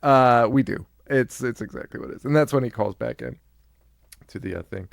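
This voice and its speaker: A man's voice: medium pitch, brisk, creaky, dry recording, clean studio sound. A man co-hosting a horror podcast, recapping a movie in casual chat, joking, laughing often and acting out lines. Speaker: podcast co-host.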